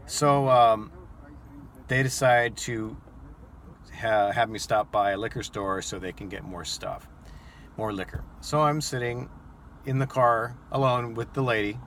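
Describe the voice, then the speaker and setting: A man's voice: lowish voice, slight background noise. Man telling a wild rideshare story. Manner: animated retelling, acting out his own shocked reactions. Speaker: rideshare driver. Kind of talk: casual storytelling to camera.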